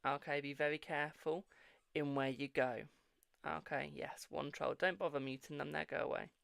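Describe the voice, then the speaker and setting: A man's voice: on the high side, fairly even intonation, normal speed, vocal fry, a bit bright, no echo, studio quality. A British man hosting a live-stream tarot reading, affectionate and repetitive, who keeps calling viewers "my darling". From United Kingdom. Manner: affectionate, repeats phrases, calls viewers "my darling" and "boo".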